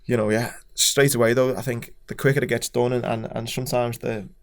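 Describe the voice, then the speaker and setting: A man's voice: mid-range voice, flat delivery, fairly quick. A man with a Scouse accent, a podcast guest talking frankly and casually, with some swearing and restarts. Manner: frank, sweary, plain-spoken, hesitant restarts. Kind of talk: casual chat.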